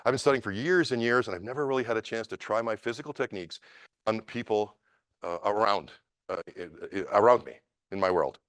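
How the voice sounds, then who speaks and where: A man's voice: fairly low pitch, fairly quick, a bit bright, no echo, studio quality, close to an everyday voice. A man doing a big eager foreign fighter's thoughts. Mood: musing. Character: big American martial artist, eager to test himself, then awed.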